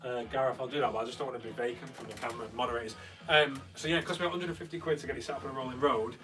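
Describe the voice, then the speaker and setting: A man's voice: mid-range voice, fairly even intonation, racing, fairly bright tone. A young man hosts a casual live stream from a converted studio room, chatting and answering viewer comments as they come in. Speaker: host. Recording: slightly distant mic with faint guitar music.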